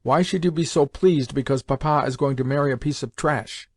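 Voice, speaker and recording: A man's voice: medium pitch, fairly quick, no room sound, studio quality, lightly acted. A man voicing a young man, a worldly elder brother who talks in a knowing, dismissive way. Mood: contemptuous.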